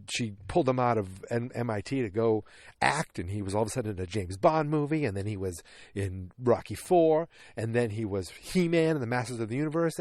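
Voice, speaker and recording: A man at a middle pitch talks casually on a movie podcast. He rambles, jokes and corrects himself often. The sound is close and dry, with no room to it. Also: a little mellow, no room sound. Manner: rambling, self-correcting, joking asides. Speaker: podcast host.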